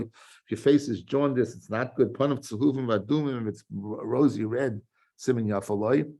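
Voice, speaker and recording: A man teaching a Talmud lesson, reading the text aloud and explaining it in quick, restarting spoken English. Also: mid-range voice, vocal fry, darkish tone. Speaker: rabbi teaching daily Talmud page. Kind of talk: Talmud lecture.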